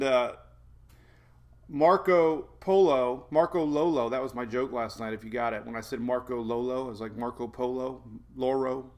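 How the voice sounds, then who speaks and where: A man's voice: mid-range voice, a bit bright. A man hosting a live weather stream from home, chatting casually in a rambling, jokey way. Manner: rambling, jokey, self-deprecating with frequent laughs. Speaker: weather show host.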